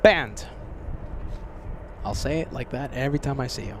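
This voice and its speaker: A man's voice: medium pitch, rapid-fire. American guy streaming from outside an airport, chatty and friendly, bit of traffic hum. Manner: chatty, upbeat, thanks viewers by name. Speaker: livestream host. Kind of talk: casual live commentary. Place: outdoors by an airport. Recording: faint outdoor traffic noise. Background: faint street and vehicle noise.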